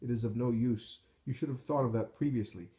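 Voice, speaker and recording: A man's voice: medium pitch, brisk, dark tone, natural voice. A man voicing a stern, blunt soldier. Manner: stern, commanding.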